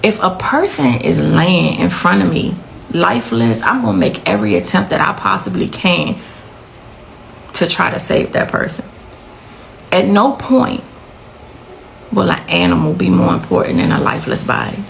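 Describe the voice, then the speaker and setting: A woman's voice: fairly low pitch, very animated, moderate pace, creaky, long pauses, slight background noise, low-quality recording. A middle-aged woman telling her own emotional account as a victim's mother, intense and repeating phrases for emphasis.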